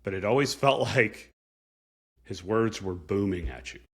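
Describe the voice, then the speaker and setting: A man's voice: lowish voice, animated, a little slow, husky. A man hosting a podcast, telling a personal story in an earnest, reflective way. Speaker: podcast host.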